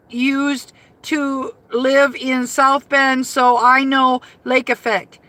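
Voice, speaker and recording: Woman from Michigan, high bright voice, unhurried salty car chat, livestream host. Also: steady tone, no room sound. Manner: chatty, salty, laughs easily. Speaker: rideshare driver livestreaming. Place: inside a car.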